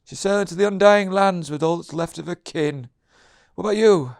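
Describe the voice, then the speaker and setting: A man playing a blunt, pushy male warrior in a comedy sketch, with a breathy voice and a teasing manner. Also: high-pitched, moderate pace, a little mellow, no echo, studio quality.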